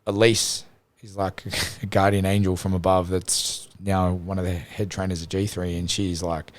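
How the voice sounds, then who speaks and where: A man's voice: deep voice, flat delivery, moderate pace, dry recording. A man as a podcast guest, sharing an earnest, reflective story in casual chat.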